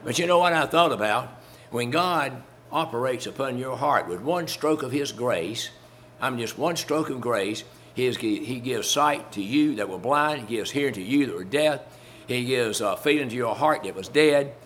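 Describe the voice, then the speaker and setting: A man's voice: medium pitch, animated, normal speed, a bit bright, slight background noise. A man preaching a sermon in a folksy, conversational way, chuckling as he talks through a Bible story to his congregation.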